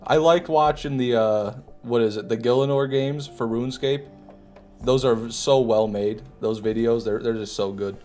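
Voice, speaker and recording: A young man with a Michigan accent talks casually over his gameplay and answers his chat with teasing, mock-outraged banter. His pitch sits in a middle range, with faint music under his voice. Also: normal speed, a little mellow. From Michigan, USA. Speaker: streamer reading chat. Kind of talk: casual live-stream commentary.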